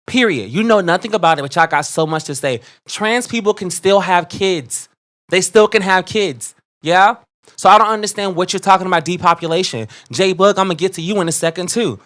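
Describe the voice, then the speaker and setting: A man co-hosting a podcast, ranting in heated, profane commentary with sudden loud outbursts. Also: high-pitched, a little fast. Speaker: podcast co-host.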